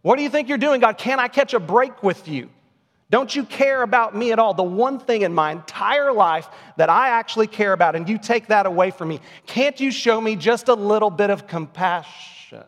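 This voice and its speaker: An exasperated, despairing prophet shouts his complaints upward in a strained, high voice, as a preacher puts him on. The outcry pleads more than it threatens. Long reverb trails behind each line, as in a large hall. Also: animated, moderate pace. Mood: exasperated pleading. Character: angry despairing male prophet shouting at God.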